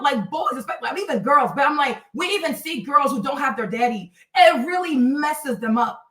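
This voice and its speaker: High, bright-voiced woman ranting to chat. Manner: blunt and profane, addresses commenters directly. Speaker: live streamer. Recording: roomy, from a distance.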